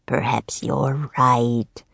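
A cruel half-bird king from a storybook reading, raspy and mocking, put on by a woman narrator. He stretches each word in a slow, low drawl. The voice sits dry and close to the mic. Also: flat delivery, a bit bright, dry recording, exaggerated voice. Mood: menacing.

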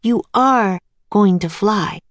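A woman voicing an eager, hopeful young girl in a storybook reading, raising her pitch. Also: takes it slowly, no room sound, natural voice.

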